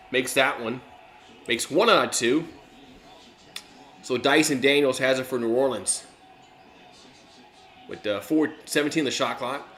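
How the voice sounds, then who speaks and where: A man's voice: medium pitch, a bit bright, echoey room. A man hosting a live stream, giving casual, rambling play-by-play commentary with lots of fillers and restarts.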